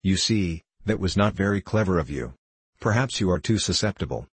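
A man's voice: deep voice, expressive, fairly quick, husky, no echo, exaggerated voice. A man reading the part of a mocking, condescending middle-aged diplomat, speaking sharply and cynically. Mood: sneering.

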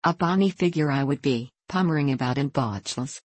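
A woman plays a gruff, curt old Scottish judge with a low, husky voice. He speaks bluntly and grimly in a storybook reading, the sound close and dry. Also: a little fast, no room sound.

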